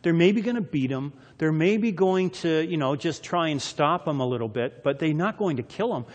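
A man's voice: a little high, expressive, normal speed, muffled recording, natural voice. Preacher playing a regretful guy kinda talking himself into a bad choice, hesitant, echoey hall. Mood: rationalizing. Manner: hesitant, musing.

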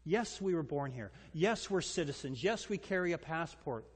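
In a sermon full of rhetorical questions, a man who is a pastor speaks emphatically and with animation at a normal speed. His voice is slightly rough and a bit higher than most men's, echoing with a long reverb tail as if in a large hall.

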